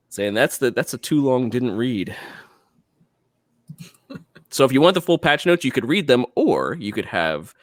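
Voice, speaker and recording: A man's voice: medium pitch, no room sound, clean studio sound. A man co-hosting a casual gaming podcast, reading patch notes aloud and chatting with frequent restarts. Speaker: podcast co-host.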